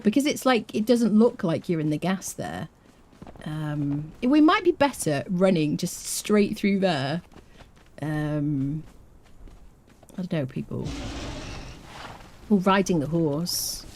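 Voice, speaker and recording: A woman's voice: on the low side, lively intonation, moderate pace, a little mellow, slight background noise. A woman streaming a survival game, chatting playfully with her viewers and laughing often. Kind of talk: live game commentary.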